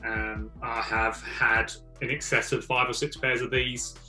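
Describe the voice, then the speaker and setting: A man from England chatting as a guest about golf shoes, relaxed and enthusiastic. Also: mid-range voice, measured pace, soft background music. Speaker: guest golf fashion reviewer. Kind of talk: casual chat. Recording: echoey room.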